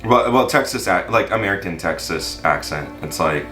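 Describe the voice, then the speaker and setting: A man's voice: low-pitched, expressive, moderate pace, echoey room, over music. A man hosting a language-learning vlog, chatting casually with many fillers and restarts. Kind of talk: casual chat in an app voice room.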